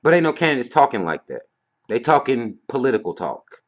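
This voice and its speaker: A man's voice: medium pitch, big pitch swings, a little fast. A man ranting bluntly to camera in a vlog, heated and profane, firing off rhetorical questions. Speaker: vlogger. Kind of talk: casual rant to camera.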